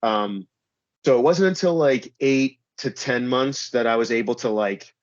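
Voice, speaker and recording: A man in a casual interview who rambles, filling his talk with "like" and "you know". His voice sits at an ordinary middle pitch. The recording is dry and a little dull. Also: measured pace, no room sound. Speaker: pro wrestler guest.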